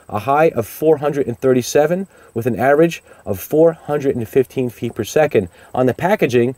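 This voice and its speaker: A man's voice: medium pitch, dark tone, no room sound. A man hosting a product review, talking casually and upbeat as he explains each step of a demonstration outdoors.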